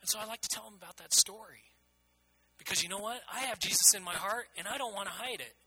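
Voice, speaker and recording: Bright, husky-voiced preaching man. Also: sits high, fast, no room sound, low-quality recording. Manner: earnest, emphatic preaching with repeated phrases. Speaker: pastor. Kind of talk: sermon.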